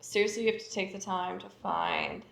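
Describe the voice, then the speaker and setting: A woman's voice: medium pitch, wildly swooping pitch, brisk, creaky, a bit bright, roomy sound. A woman beauty artist as interview guest, chatting candidly and laughing easily. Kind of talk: casual interview chat.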